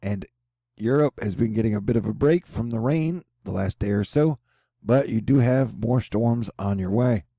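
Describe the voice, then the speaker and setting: A man's voice: fairly low pitch, normal speed, creaky, warm tone, no echo, clean studio sound. A man hosting a casual weather forecast over a map, rambling and joking with slang asides. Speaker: weather channel host.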